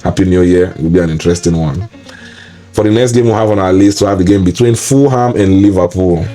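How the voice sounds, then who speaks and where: A man's voice: low voice, quick pace, warm tone, soft background music. A man hosting a solo football preview, ranting in an exasperated, repetitive way. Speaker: football pundit and show host. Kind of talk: solo match preview commentary.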